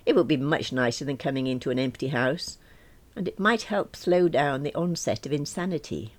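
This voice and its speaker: A woman's voice: sits low, lively intonation, moderate pace. A woman narrating a first-person story audiobook in a wry, self-deprecating manner.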